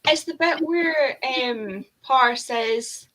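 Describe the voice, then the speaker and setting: A woman's voice: on the high side, moderate pace, rough recording. A woman in casual chat on a video call, telling stories with acted-out reactions. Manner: animated storyteller, acts out reactions. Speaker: booktuber on a group call.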